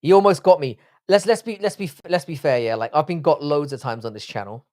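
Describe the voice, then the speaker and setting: A man's voice: fairly high pitch, fast, warm tone. Man, London accent, live stream host, swearing, joking with the chat. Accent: London English. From England. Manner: profane, joking banter with the chat.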